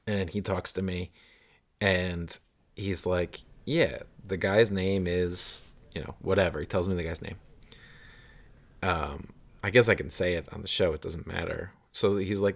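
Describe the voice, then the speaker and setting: Casual male podcast host, lowish voice, lively storyteller who acts out the people he quotes. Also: a little slow, vocal fry.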